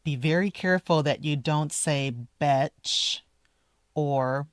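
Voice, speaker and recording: A woman teaching English pronunciation outdoors in a park, speaking deliberately and repeating each model word slowly. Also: low voice, clear, resonant tone, dry recording, studio quality. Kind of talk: slow, careful pronunciation lesson. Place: outdoors in a park, walking with her dog.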